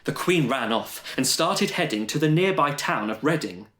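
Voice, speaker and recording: A man's voice: a little high, animated, moderate pace, a bit bright, a little hiss or hum. A man telling a rhyming panto-style story with a playful, sing-song delivery. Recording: roomy echo.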